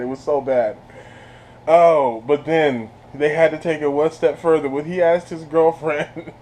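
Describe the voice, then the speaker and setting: A man chats through a spoiler review of a TV season, loose and slangy, often breaking into laughter. His voice sits a little high for a man. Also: warm tone. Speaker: TV show reviewer. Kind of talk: casual spoiler review chat.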